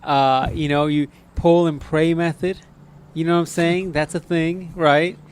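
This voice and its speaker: A man's voice: a little high, fairly even intonation, measured pace, slight background noise. A man co-hosting a podcast, chatting in loose, slangy banter and laughing often. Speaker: podcast co-host. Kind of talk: casual crude banter.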